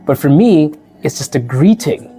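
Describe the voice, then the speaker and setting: A man's voice: on the high side, lively intonation, moderate pace, dark tone. A man from Africa who hosts a podcast, chatting casually to the camera, laughing often and acting out the people he quotes. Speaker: podcast host and teacher.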